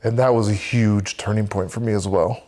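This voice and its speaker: A man's voice: fairly low pitch, fairly even intonation, normal speed, darkish tone. A man, guest on a podcast, earnestly telling a vivid personal faith story and talking about leading a men's church group.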